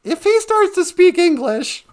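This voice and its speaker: A woman's voice: very high-pitched, very animated, a little slow, darkish tone. A woman co-hosting a casual live stream, laughing often as she chats and reads out viewer comments. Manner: laughs often while talking. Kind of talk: casual chat with chat readers.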